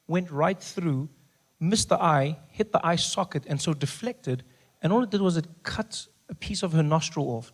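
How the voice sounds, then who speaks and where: A man from Africa, performing a stand-up comedy set live on stage, telling stories and acting out other people's voices. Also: fairly high pitch. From South Africa. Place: theater stage before a live audience.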